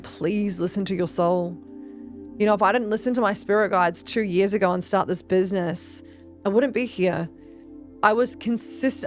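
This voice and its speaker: A woman, a business coach and podcast host, talking in an earnest, emphatic way with casual swearing and lots of fillers. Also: medium pitch. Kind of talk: casual motivational talk.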